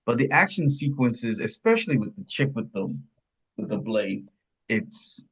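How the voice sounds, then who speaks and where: A man's voice: sing-song, a little slow, a bit bright, slightly rough. Rambling man chatting about films. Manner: rambling, searching for words, pitch jumps when surprised. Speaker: podcast co-host. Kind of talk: casual film review chat.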